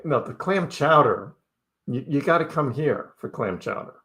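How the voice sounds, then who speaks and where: Expressive and a bit bright, his medium-pitched voice moves at normal speed. The middle-aged man hosts a crypto livestream, answering chat casually with wry jokes and plenty of laughter.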